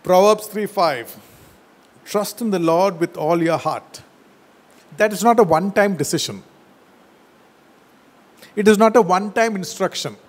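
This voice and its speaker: A man preaching a sermon as a pastor, slowing down to quote scripture and dropping his voice low and soft at the ends of phrases. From India.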